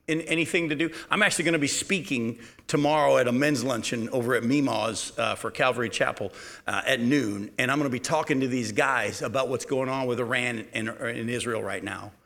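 A man preaching a verse-by-verse Bible study in a conversational way, checking in with his listeners through quick rhetorical questions and pressing hard on key points. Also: mid-range voice, a bit bright. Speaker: pastor teaching a Bible study. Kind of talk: verse-by-verse sermon.

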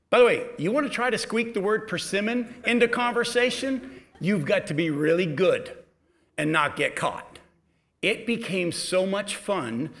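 A middle-aged pastor preaching a sermon, telling a personal story and swinging from quiet asides to loud, emphatic exhortation. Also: male voice, high-pitched.

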